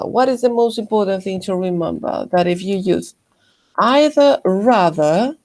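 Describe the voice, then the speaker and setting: A woman teaching an English grammar lesson, explaining slowly and carefully and correcting herself often. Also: mid-range voice, vocal fry, warm tone. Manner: slow, careful explanations with frequent self-corrections.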